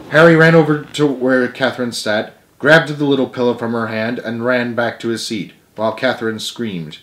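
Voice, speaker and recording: A man's voice: mid-range voice, steady tone, normal speed, few pauses, fairly bright tone. Man reading a storybook aloud. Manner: casual asides, stumbles and self-corrections. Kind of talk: reading a children's book aloud.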